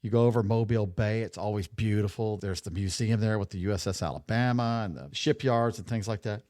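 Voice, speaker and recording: Low-voiced swearing podcast co-host, man. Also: a little fast, a little mellow, no echo, studio quality. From Louisiana. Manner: loose, swearing storyteller. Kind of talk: casual profane chat.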